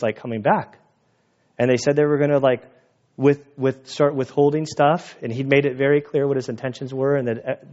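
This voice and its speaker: A man's voice: mid-range voice, darkish tone, lo-fi sound. A male pastor preaching a sermon outdoors, telling stories in a conversational, sometimes emotional way. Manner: conversational storytelling, emotional at times. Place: outdoor church gathering.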